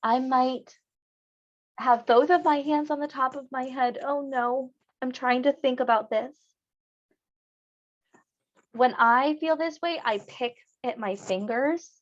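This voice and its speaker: A woman's voice: high voice, slow pace, long pauses, highs cut off. A woman teacher giving a lesson on emotions, acting out feelings expressively for her students.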